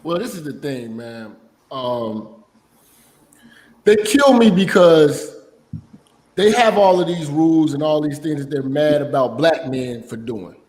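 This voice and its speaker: Man, panelist, high voice, slow, deliberate, echoey room. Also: expressive, darkish tone.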